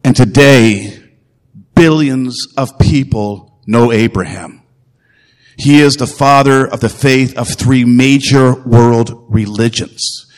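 A man's voice: mid-range voice, slow pace, long reverb tail. A man preaching a sermon as pastor, earnest and emphatic, repeating phrases and putting direct questions to his listeners.

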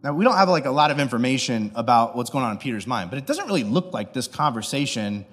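A man's voice: medium pitch, lively intonation, fast talker, fairly bright tone, husky, in a large hall. A man pastor giving a casual, joking sermon, often checking in with the audience. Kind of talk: conversational sermon.

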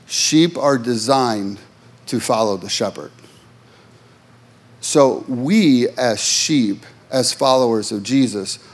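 A male pastor preaching a sermon. His phrasing is rhythmic and repetitive, and his voice swings from impassioned highs to sudden low, quiet emphasis. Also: husky.

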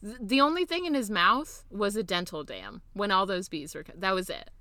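A young woman chats on a podcast with a bright, forward tone, recorded dry and close. She talks quick and sardonic, tossing in swears. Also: mid-range voice, big pitch swings, no echo. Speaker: podcast co-host. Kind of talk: casual chat.

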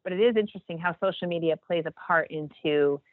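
A podcast guest in her forties rambles earnestly at a quick pace in a casual talk about faith, restarting often. Her voice is lowish, with no echo, but the sound is tinny, like a phone call.

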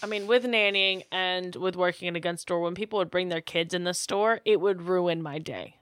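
A woman co-hosting a comedy podcast, giggly and animated in casual chat. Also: on the low side, normal speed. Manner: giggly, animated, laughs often.

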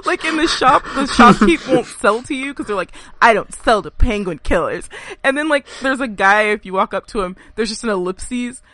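A woman's voice: fairly high pitch, fairly quick, hardly any pauses, sharp tone. A woman co-hosting a casual podcast chat, talking with many fillers and frequent laughter. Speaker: podcast co-host.

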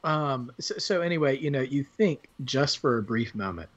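Husky man rambling about a film. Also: mid-range voice, expressive, moderate pace, a bit bright. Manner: rambling, many fillers and restarts, quotes lines with a laugh. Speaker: podcast co-host. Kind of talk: casual film discussion. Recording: dull lo-fi sound.

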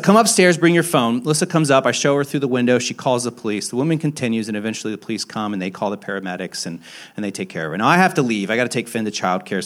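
Here a young man preaching as a pastor takes a self-deprecating, open storytelling approach. He frequently backs up and begins again, shifting between rising emphasis and low, murmured side comments.

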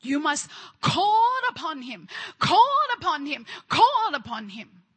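A woman preaching with a high, bright voice. She is fervent and works in repeated phrases, pressing her congregation to answer back. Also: sing-song, slow. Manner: fervent, repetitive call-and-response preaching. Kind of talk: charismatic sermon.

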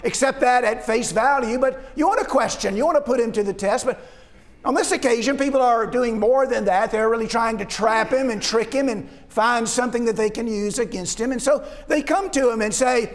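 A man with a very high-pitched voice preaches a sermon, circling back with restarts and repeated words. He leans on rhetorical questions to the listeners. His voice rings with the long reverb of a large hall. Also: brisk.

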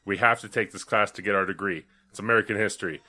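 Bright-voiced man telling a swearing story. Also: on the low side, quick pace. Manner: animated storyteller, acts out quotes, swears freely. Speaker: podcast co-host. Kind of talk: casual chat.

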